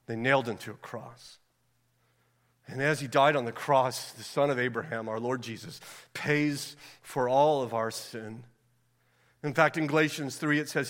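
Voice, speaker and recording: A man preaching a sermon as pastor, asking the congregation questions and moving between fervent calls and hushed prayer. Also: medium pitch, long reverb tail. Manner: asks the congregation rhetorical questions.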